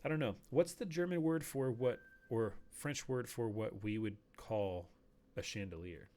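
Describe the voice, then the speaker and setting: While streaming a hunting game, a man rambles casually in a mellow, medium-pitched, unhurried voice. When he sneaks up on animals, his commentary drops to almost a whisper.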